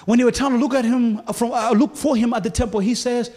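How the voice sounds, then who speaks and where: A man's voice: very high voice, fairly even intonation, fast talker, warm tone. A male preacher giving a sermon, pleading with the congregation and often checking in with them. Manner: impassioned, pleading, often asks "you feel me?".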